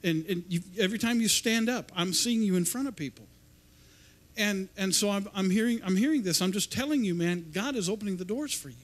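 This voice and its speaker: A male preacher with a notably high voice. He speaks loosely and conversationally, stumbling over and repeating his words as he goes. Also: lively intonation, a little fast. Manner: rambling, repeats and restarts words. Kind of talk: informal sermon. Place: church service.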